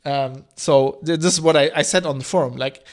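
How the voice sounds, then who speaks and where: A man's voice: on the high side, a little fast. A man, hosting a live-streamed solo podcast and explaining history in long, winding asides. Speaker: podcast host.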